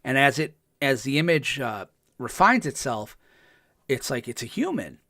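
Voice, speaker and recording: A man hosting a podcast, recapping a TV episode in a casual, excited way, full of ums and restarts and acting out the characters' lines. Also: medium pitch, moderate pace, no room sound, studio quality. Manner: chatty, with frequent ums and restarts. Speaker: podcast host.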